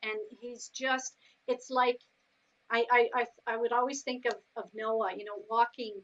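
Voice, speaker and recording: A woman in a casual team chat, speaking earnestly and haltingly with many fillers. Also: on the high side, level tone, a bit bright, muffled recording. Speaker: team member.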